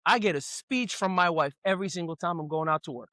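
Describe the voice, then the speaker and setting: High-voiced animated male speaker. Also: fast talker, few pauses, no echo. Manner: animated storyteller, acts out quotes. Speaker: relationship speaker. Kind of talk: motivational talk to a live audience.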